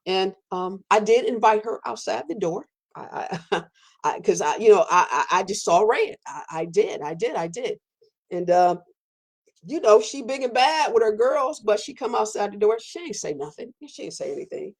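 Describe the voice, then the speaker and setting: A woman giving an emphatic personal monologue as a podcast host, repeating phrases for weight and jumping sharply up in pitch when stirred. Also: lively intonation, moderate pace. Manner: fiery, repetitive, preacherly emphasis with sudden pitch jumps.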